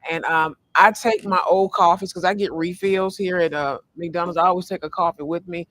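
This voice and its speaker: High-voiced man rambling through a card reading. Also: fairly even intonation, moderate pace, fairly bright tone, no room sound. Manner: rambling, loose, with many fillers and restarts. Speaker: tarot reader. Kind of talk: casual spiritual card reading vlog. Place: sitting in a fast-food restaurant.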